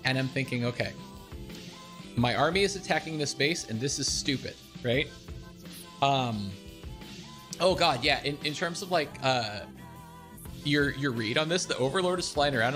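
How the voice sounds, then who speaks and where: A young man on a stream casually talks through a replay of his own game, animated and self-deprecating, laughing often. His voice sits on the high side.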